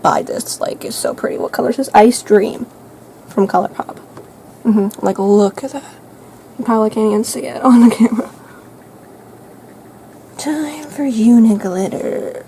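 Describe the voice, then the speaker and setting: A teenage girl chatting casually through her makeup routine, rambling and thinking out loud. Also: medium pitch, steady tone, a little fast, a little hiss or hum, poor audio. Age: teens. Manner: rambling, self-narrating, thinking aloud; soft, light voice at times. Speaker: vlogger. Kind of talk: chatty makeup get-ready-with-me vlog.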